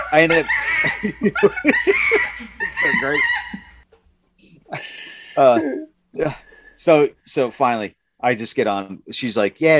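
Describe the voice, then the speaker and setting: Medium in pitch, this man's voice comes through a dry recording. During a casual chat he tells a cuss-filled story from work, lively and animated, acting out the characters with raised voices.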